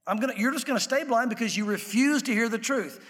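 A man with a high voice preaches a sermon as the pastor. His delivery stays conversational, and he acts out the voices he quotes. Long reverb from the church hall trails behind his words. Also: quick pace, fairly bright tone.

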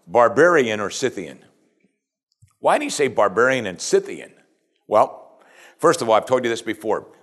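A man preaching a sermon as pastor, building to emphatic call-and-response and acting out quoted voices. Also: fairly low pitch.

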